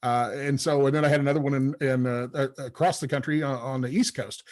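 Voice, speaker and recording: A man's voice: medium pitch, fairly even intonation, fast, a little mellow. A man hosting a podcast, telling rambling stories full of fillers in a casual chat. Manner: rambling storyteller, many fillers. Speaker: podcast host.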